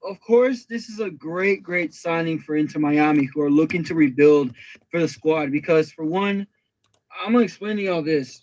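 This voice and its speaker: Animated high-voiced man on a podcast. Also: low-quality recording. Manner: animated, addresses listeners directly. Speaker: podcast co-host. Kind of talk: casual soccer podcast chat.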